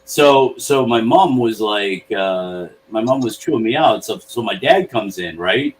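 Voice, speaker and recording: A man hosting a podcast, telling a story in a relaxed way, often checking in with "right?". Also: lowish voice, a little slow. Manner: relaxed, swears, says "right?" a lot. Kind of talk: casual storytelling chat. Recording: distant mic with faint noise.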